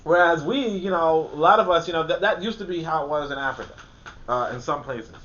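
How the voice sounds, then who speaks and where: A man's voice: fairly quick, fairly bright tone. A man hosting a casual book discussion, rambling with lots of fillers and restarts and frequent laughs. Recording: muffled, faint background rumble.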